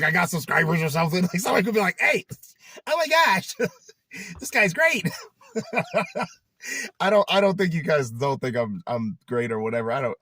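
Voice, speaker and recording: A young man chatting in a casual vlog, animated and laughing often, who trails off into rambling asides. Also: mid-range voice, no echo, studio quality. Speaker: YouTuber.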